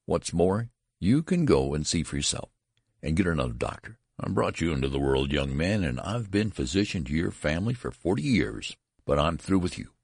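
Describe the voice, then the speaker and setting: A man's voice: sits low, gravelly, breathy edge, no room sound, studio quality, full character voice. A man voicing a stern elderly doctor who speaks curtly and cuttingly. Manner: curt and cutting.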